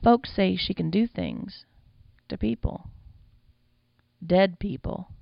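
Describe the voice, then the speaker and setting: A woman's voice: medium pitch, lively intonation, slow pace, gravelly, no echo, lo-fi sound, heavily acted. A woman voicing a big, lumbering young man with a sly, drawling manner.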